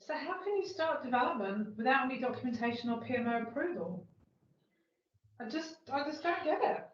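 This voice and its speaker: A woman's voice: high-pitched, animated, fairly quick. A woman playing a strict, bureaucratic PMO manager who complains indignantly about missing paperwork, in an amateur workplace role-play over a video call. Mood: mocking. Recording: echoey room, dull lo-fi sound, faint noise.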